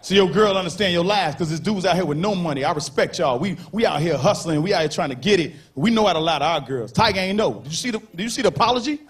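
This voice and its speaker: A man doing a stand-up comedy set on a stage, loud and animated, shouting punchlines and acting out characters. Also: sits high, fast, hardly any pauses. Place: comedy stage before a live audience. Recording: live show with crowd noise. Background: audience laughter.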